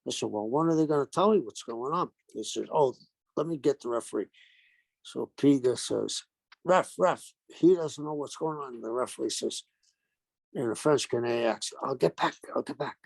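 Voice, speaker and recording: In a storytelling interview, an older former pro wrestler speaks at a moderate pace in a mid-pitched voice that's gravelly and edged with fry. He brings his anecdotes to life by performing each exchange's quotes, and his voice is close and dry with no room around it.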